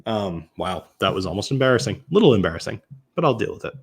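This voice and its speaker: A man's voice: fairly low pitch, very animated, quick pace, vocal fry, breathy edge. A man from Massachusetts hosting a casual live-stream whiskey tasting, chatting loosely, often restarting and correcting himself as he answers viewers. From Massachusetts, USA.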